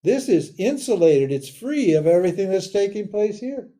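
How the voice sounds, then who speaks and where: An older man giving a live lecture on a spiritual text in a casual, animated way, laughing often and mimicking other people. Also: high voice, moderate pace. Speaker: Vedanta teacher.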